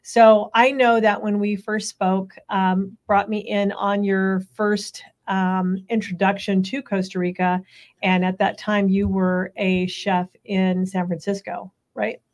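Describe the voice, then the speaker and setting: Female interview host, mid-pitched, loose chatty delivery with frequent "um"s. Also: level tone, slow, darkish tone. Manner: chatty, filler-heavy questions. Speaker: podcast host. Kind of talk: interview podcast.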